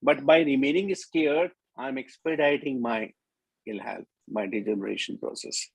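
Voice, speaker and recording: Husky Indian-accented man lecturing earnestly. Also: medium pitch, moderate pace, no echo, rough recording. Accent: Indian English. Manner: earnest, repeats words for emphasis. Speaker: speaker at a media conference. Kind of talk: conference talk.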